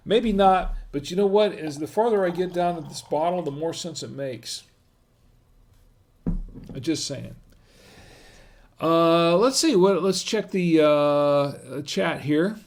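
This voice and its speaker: This man's voice is fairly high but darkish in tone, and he speaks slowly with long pauses. Hosting a wine tasting livestream, he reads viewer comments and thinks aloud in a casual, rambling, conversational way.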